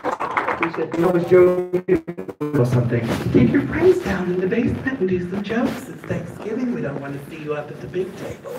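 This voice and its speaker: A man from Chicago does stand-up on a live stage, his voice lively and somewhat high. His rambling delivery keeps restarting as he slips into characters. The sound is echoey and distant, with a crowd around him. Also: fairly quick, over music. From Chicago, USA. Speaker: stand-up comedian. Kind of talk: stand-up set. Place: live comedy show stage. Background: audience laughter.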